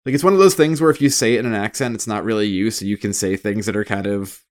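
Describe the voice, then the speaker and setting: A man co-hosting a casual podcast, animated and laughing as he riffs on favourite moments. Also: on the low side, fast talker. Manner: animated, laughs while quoting lines. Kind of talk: casual chat.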